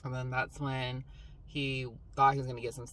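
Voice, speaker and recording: A young woman telling a story to camera in a casual, rambling vlog style, full of "like" and "um". She tells it in an animated, dramatic way. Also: a bass voice, moderate pace. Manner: rambling, filler-heavy, with 'like' and 'um'. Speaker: vlogger. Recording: slightly distant mic, faint background hum.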